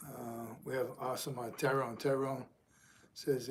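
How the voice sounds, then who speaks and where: A man's voice: mid-range voice, fairly even intonation, measured pace, a little mellow, slightly rough. A middle-aged man, a retired Marine sergeant major, hosting a casual livestream and rambling as he reads viewer comments aloud.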